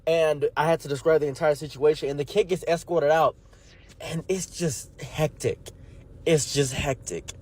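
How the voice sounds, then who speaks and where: A man casually telling wild personal stories, animated and exaggerated, swinging between mumbled asides and excited outbursts. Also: on the high side, moderate pace, husky. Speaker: commentary streamer. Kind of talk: casual storytelling.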